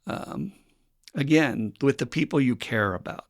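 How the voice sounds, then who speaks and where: A man from the United States who hosts a recovery podcast and talks like a straight-shooting sponsor. His voice is mid-pitched with a gravelly roughness. He is blunt and candid, and he laughs easily. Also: expressive, a little slow. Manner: frank, blunt, swears, laughs often.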